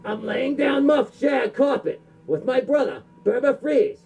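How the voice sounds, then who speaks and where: A man voicing a boastful male martial-arts villain from a badly dubbed kung fu film, bragging in slow, drawn-out lines. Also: very high voice, expressive, gravelly, a little mellow, slightly rough, pitched above the performer's own voice, exaggerated voice. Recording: dull lo-fi recording.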